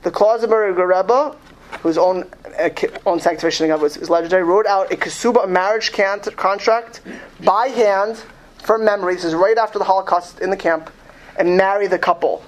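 A woman's voice: medium pitch, a little hiss or hum. A woman telling a dramatic true story, with frequent stumbles and restarts as she goes. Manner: dramatic, stumbling restarts, pauses to ask words.

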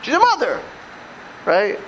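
A man's voice: very high voice, wildly swooping pitch, measured pace, fairly bright tone, a little hiss or hum, low-quality recording. An older man giving a conversational Torah class, repeating phrases and asking his listeners rhetorical questions. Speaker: religious teacher.

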